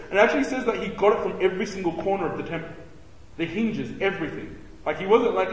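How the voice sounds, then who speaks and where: A man teaching a casual Bible study to a group, animated and joking as he acts out quotes. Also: high voice, brisk, distant mic. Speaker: church youth teacher. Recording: echoey hall with long reverb.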